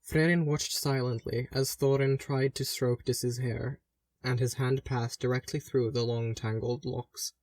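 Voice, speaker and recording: A man reading a fantasy story aloud in a gentle, measured narration. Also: medium pitch, flat delivery, no echo, studio quality. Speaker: audiobook reader. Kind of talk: fan audiobook narration.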